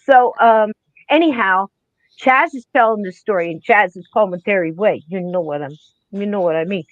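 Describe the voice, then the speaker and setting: A woman co-hosting a podcast, telling a ghost story in a casual, animated way and acting out the people she quotes. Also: mid-range voice, normal speed, no room sound, lo-fi sound. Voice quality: animated, acts out quoted voices. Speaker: podcast co-host.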